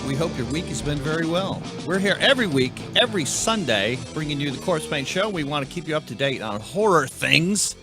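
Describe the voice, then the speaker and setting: A man's voice: fairly high pitch, sing-song, a little fast, few pauses, over music. A man hosting a casual chat show, rambling and tripping over band names. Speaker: host.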